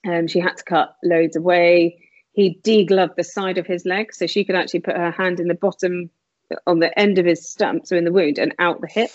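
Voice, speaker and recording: A woman telling a personal story in conversation, candid and emotional with quick asides. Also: fairly low pitch, steady tone, a little mellow, no room sound, lo-fi sound. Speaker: guest sharing her story.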